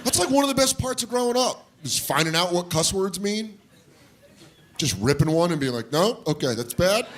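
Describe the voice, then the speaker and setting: A stand-up comedian on a club stage, telling his story with a lively, up-and-down delivery and popping into the voices of the people in it. He sits a little high for a man. The live recording carries clear crowd noise under him. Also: moderate pace. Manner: animated, acts out voices of people in his stories.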